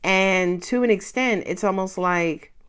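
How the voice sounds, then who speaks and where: A woman giving a casual tarot reading to camera, chatty and excitable, swearing freely and laughing often. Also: mid-range voice, a little slow, clear, resonant tone. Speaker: tarot reader.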